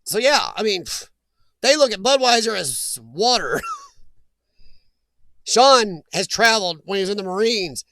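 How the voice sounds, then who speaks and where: Gravelly high-voiced chatty man. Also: expressive, measured pace, pauses often, pushed and bright, no room sound. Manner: rambling, jokey, reacts to chat comments. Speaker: host of a live chat stream. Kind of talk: casual live-stream chat.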